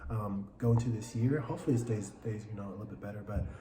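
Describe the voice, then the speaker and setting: A man's voice: lowish voice, fast talker, mellow. A man who works in finance, a podcast guest talking enthusiastically, rambling with restarts, in casual chat. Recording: echoey room with crowd noise.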